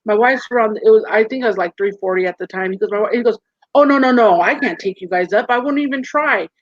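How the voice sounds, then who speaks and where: Animated woman guest on a muffled call. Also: mid-range voice, fast, no echo. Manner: animated storyteller, acts out quoted voices. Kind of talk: casual interview conversation. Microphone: video call. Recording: muffled dry call audio.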